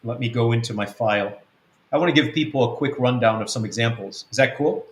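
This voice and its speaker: A man's voice: medium pitch, a little fast. A man, a spiritual coach and mentor, teaching conversationally in a rambling way with many ums, acting out bits of quoted dialogue. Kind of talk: conversational teaching on a web-church show. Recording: roomy echo.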